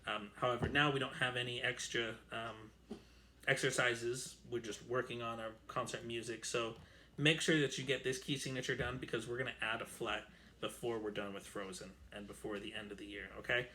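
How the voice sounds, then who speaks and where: Brief: male strings teacher at home, bright tone, counts beats aloud, faint background hiss. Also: mid-range voice, steady tone, moderate pace. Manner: counts and sings rhythms aloud; chatty with fillers. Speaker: music teacher. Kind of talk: online string orchestra lesson. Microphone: camera mic.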